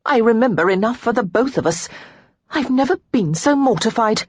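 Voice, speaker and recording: Spirited teasing young lady, played by a woman narrator, higher and husky, lively lilt, audiobook. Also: normal speed, no echo. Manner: higher and brighter, playful.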